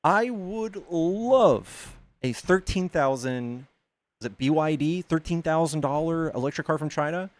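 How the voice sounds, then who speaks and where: A man's voice: on the high side, a little slow. A man hosting a casual debate, arguing his points methodically with frequent fillers. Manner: reasoned, argumentative, many filler likes. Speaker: debate stream host.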